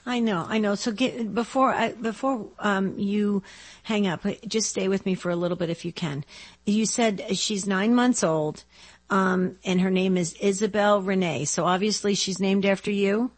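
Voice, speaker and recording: Warm woman hosting Catholic radio. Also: medium pitch, fairly even intonation, normal speed. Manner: warm, encouraging, gently probing. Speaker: radio show host. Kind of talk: Catholic call-in radio chat.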